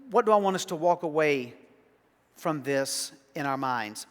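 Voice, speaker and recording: A man from South Arkansas with a Southern accent, preaching a sermon in a folksy, emphatic way that grows louder on key points. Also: a little high, animated, a little slow, in a large hall. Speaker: pastor. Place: church sanctuary.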